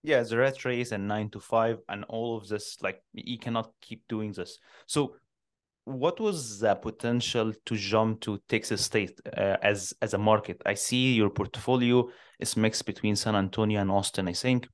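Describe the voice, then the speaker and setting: Low-voiced guy hosting a podcast, asks questions kinda haltingly, hunting for words. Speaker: podcast host. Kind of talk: interview questions.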